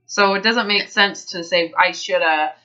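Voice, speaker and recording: A woman's voice: lowish voice, a little slow, pushed and bright, highs cut off. A woman health coach on a coaching call, giving blunt, direct advice.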